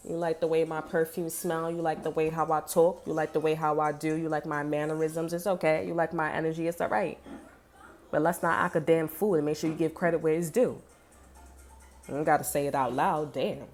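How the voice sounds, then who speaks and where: A woman's voice: deep voice, fairly even intonation, brisk, darkish tone. A woman giving a casual tarot reading, blunt and sassy, swearing freely and talking straight to the viewer. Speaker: tarot reader.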